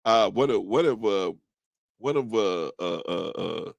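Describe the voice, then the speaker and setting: A man hosting a casual live stream, chatting loosely with viewers, laughing often and slipping into high-pitched movie quotes. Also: lively intonation, unhurried, vocal fry, no room sound. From United States.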